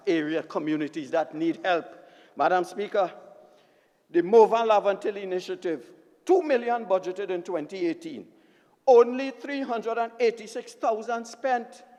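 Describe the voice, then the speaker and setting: A man's voice: high-pitched, a little mellow. A man with a Trinidadian accent giving an impassioned, emphatic parliamentary debate speech, repeatedly addressing the Speaker from a desk microphone. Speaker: member of parliament. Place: parliament chamber. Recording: long reverb of a debating chamber.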